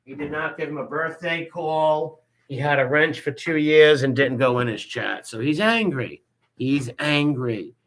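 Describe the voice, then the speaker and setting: A man hosts a casual livestream, reacting to a clip with mocking remarks. His voice is bright and forceful, and he breaks off to greet viewers in the chat. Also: a little high, normal speed, hardly any pauses.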